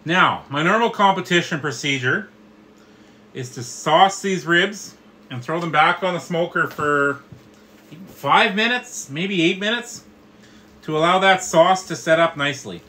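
A middle-aged man teaches a live barbecue class in a bright, clear, rather high voice. He explains each step to his viewers in a friendly, chatty way. A faint outdoor hum sits behind him. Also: animated, a little slow, low-quality recording. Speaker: barbecue instructor and host. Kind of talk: live cooking tutorial.

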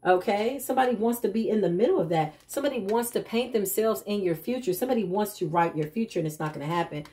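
A woman's voice: mid-range voice, lively intonation, fast, dark tone. A woman reads tarot for an unseen audience. Her talk is loose and chatty, and she lands her points with emphatic slangy asides. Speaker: tarot reader. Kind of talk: casual tarot reading to camera.

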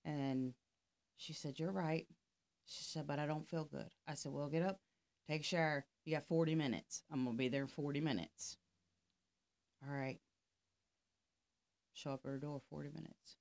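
A woman's voice: low voice, steady tone, normal speed, vocal fry, pauses often, a little mellow. A middle-aged woman, a life coach, telling a story in casual conversation and acting out both sides of the dialogue. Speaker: podcast guest, life coach.

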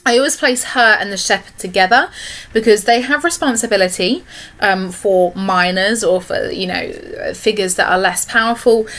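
A woman's voice: medium pitch, moderate pace, fairly bright tone. Woman teaching a poetry lesson. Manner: explanatory, frequent "okay" check-ins. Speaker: English literature teacher. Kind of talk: recorded online lesson.

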